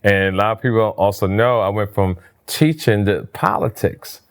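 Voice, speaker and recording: A man from New Jersey telling stories in a casual interview, his voice jumping up high when he acts out what people said. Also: moderate pace. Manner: animated storyteller, voice jumps high for quoted lines. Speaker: interview guest, comedian.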